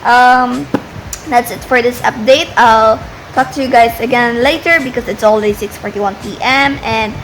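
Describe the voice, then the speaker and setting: A woman's voice: fairly high pitch, steady tone, moderate pace, poor audio. A woman book vlogger chatting casually and a little hesitantly about a book she is reading, rambling as she thinks aloud. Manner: hesitant, rambling, soft-spoken. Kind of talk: casual reading vlog chat.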